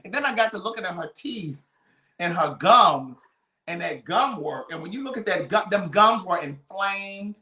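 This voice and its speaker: Man, casual live-stream storyteller, dramatic and over-the-top, lively bright voice, echoey room. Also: sits high, moderate pace. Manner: dramatic, animated storytelling, piling up vivid adjectives.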